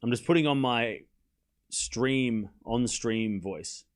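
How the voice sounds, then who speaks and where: A man from Australia, a streamer and tennis coach, chatting casually and reading chat aloud during a live tennis watchalong, with quick bursts of play-by-play. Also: medium pitch.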